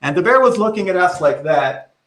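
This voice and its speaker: A middle-aged man presenting a webinar, telling a story in an animated way with many restarts. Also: sits high, fairly quick.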